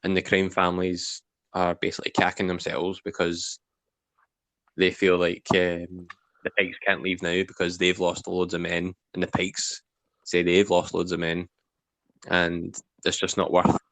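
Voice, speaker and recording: Flat, low-voiced man recapping. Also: measured pace, dry recording. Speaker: podcast co-host. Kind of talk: casual review chat.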